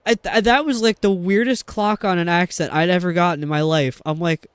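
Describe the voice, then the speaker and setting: A man's voice: high-pitched, a little fast, smooth, no room sound. A man from New York with a New York accent, chatting and rambling casually while streaming a game. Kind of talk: casual chat while gaming.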